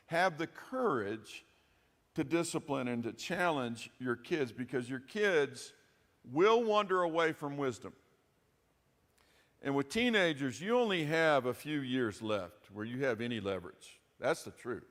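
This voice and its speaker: A man's voice: medium pitch, expressive, unhurried, fairly bright tone. Guy pastor preaching, casual folksy talk, lots of asides, big echoey church sound. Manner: conversational and folksy, with frequent asides. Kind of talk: sermon. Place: church sanctuary. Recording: reverberant church hall.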